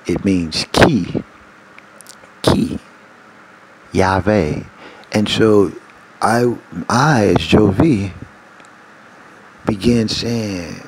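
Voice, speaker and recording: A man with a low, gravelly voice tells his personal spiritual story in a meandering way. He keeps backing up, correcting himself and restarting. A faint hiss of noise sits under the voice. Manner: meandering, self-correcting, repeats "long story short". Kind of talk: rambling personal spiritual testimony.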